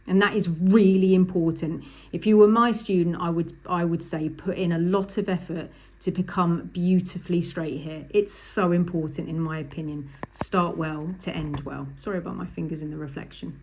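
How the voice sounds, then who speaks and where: A woman's voice: fairly low pitch, steady tone, moderate pace, a little mellow. A woman, a driving instructor talking through a lesson over drawings, chatty and emphatic, repeating the key points.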